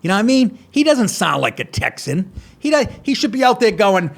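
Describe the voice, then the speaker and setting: A man's voice: sits high, sing-song, fairly quick, fairly bright tone. A man hosting a talk show, ranting sarcastically and crudely over political clips.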